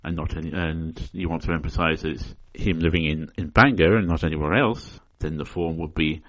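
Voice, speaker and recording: Man, very low voice, dry mock-scholarly solo podcast host, dull lo-fi sound. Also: a little fast. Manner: deadpan mock-scholarly, tongue-in-cheek. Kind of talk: solo spoken explainer.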